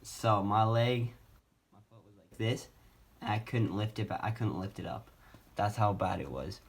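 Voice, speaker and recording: A man's voice: fairly low pitch, moderate pace, gravelly, breathy edge. A young man casually telling a personal story on his vlog, rambling with many fillers and restarts, speaking from a wheelchair at home. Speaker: vlogger.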